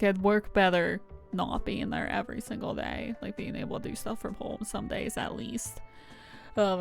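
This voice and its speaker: A woman's voice: medium pitch, gravelly, darkish tone. A young adult woman streamer giving casual gameplay commentary, rambling and chatty with lots of "like" fillers. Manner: rambling, chatty, heavy use of "like".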